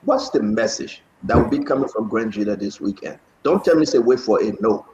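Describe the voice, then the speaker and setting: A man's voice: on the low side, lively intonation, a little fast, noisy background. Man, talk show host, pushy, interrupting, echoey room. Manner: forceful, interrupting, pressing guests. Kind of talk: heated political talk show. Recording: echoey, dull lo-fi sound.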